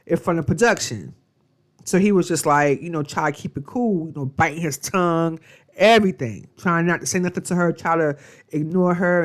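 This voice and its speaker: A woman recapping a reality TV episode in a casual, chatty way, with lots of fillers and slang. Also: lowish voice. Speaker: reality TV reviewer.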